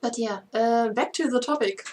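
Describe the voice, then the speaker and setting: A woman's voice: on the high side, moderate pace, darkish tone. Chatty German-accented woman. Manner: chatty, laughs often, many fillers. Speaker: band member co-hosting a livestream. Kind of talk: casual livestream chat.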